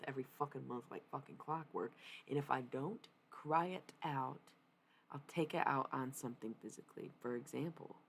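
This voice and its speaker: A woman with a strikingly deep, low voice chats casually with her stream viewers. She talks candidly and rambles, with plenty of swearing, and a faint hum sits under her voice. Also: fairly even intonation, brisk. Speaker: livestreamer.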